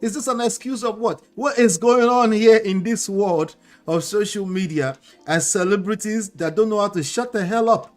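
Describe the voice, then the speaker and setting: A fairly high-voiced man comments on clips, firing off disbelieving questions and chuckling between points. Faint music plays behind him. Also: normal speed. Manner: animated, incredulous questioning with laughs. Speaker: host reacting to clips. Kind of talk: commentary on celebrity clips, reading chat.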